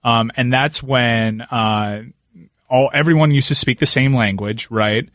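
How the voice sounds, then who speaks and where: A man's voice: mid-range voice, measured pace, fairly bright tone, no room sound, clean studio sound. A man hosting a radio show, musing and playful in casual banter. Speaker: radio host.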